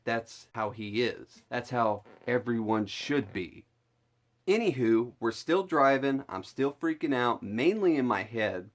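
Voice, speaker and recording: A young adult man recounting a personal story to camera. His voice sits in a middle pitch, and his storytelling is emphatic and animated, with plenty of energy in the retelling. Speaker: vlogger. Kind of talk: storytime vlog.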